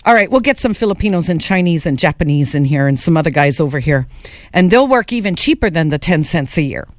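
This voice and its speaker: Host dropping low for a snooty missionary guy, quick and dismissive. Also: expressive, no echo, studio quality. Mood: scornful. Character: scornful male missionary, dismissive.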